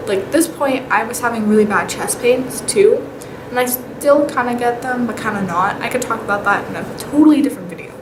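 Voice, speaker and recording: A young woman vlogger telling paranormal stories in a casual, animated way. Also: on the high side. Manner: chatty, animated, with whispered asides. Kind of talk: casual storytelling. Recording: echoey room with clear background noise.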